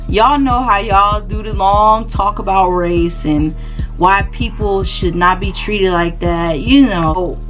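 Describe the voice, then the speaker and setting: Animated young woman telling a storytime. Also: mid-range voice. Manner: animated, slangy, laughing often. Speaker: vlogger and small shop owner. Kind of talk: casual storytime.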